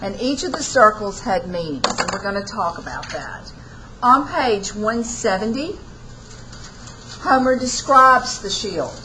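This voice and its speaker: Speaking at a measured pace in an expressive, medium-pitched voice, a woman teaching a college class retells an ancient epic in homespun, casual speech and performs the characters' lines. Background noise can be heard.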